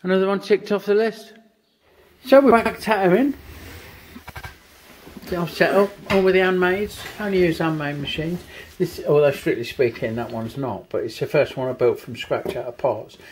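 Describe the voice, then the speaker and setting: A man's voice: fairly high pitch, moderate pace, a little hiss or hum. A man in his fifties who builds custom motorcycles and tattoos, giving casual, blunt commentary on his work in a workshop and swearing freely.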